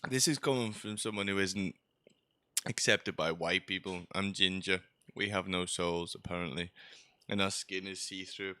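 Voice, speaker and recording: A man's voice: deep voice, fairly even intonation, moderate pace, sharp tone, no room sound. A man streaming a game, rambling and joking in a chatty, sarcastic way. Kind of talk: rambling gameplay commentary.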